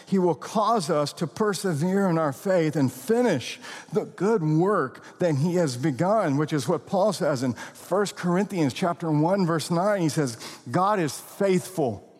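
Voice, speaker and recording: A man preaching a sermon as pastor, with expressive, deliberate emphasis and occasional laughs. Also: a little high, husky, big-room sound.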